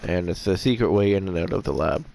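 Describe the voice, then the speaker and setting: A man giving rambling, hesitant commentary on a game he plays, often clearing his throat as his voice gets rough. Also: sits low, animated, quick pace, warm tone. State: voice getting rough. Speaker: gameplay commentator. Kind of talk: casual let's-play commentary.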